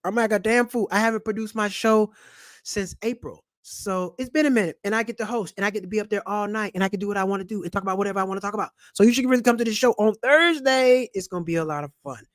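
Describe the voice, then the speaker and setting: A middle-aged man, hosting a casual money vlog in an animated, preachy way full of street slang. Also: sits high, quick pace, dry recording, studio quality. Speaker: channel host and comedian. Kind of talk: casual personal finance vlog.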